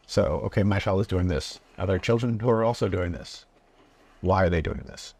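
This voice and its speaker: A man with a fairly low, husky voice talks calmly and earnestly. He explains things as a guest in a casual interview. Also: brisk. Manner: calm, earnest, acts out parent-child dialogue.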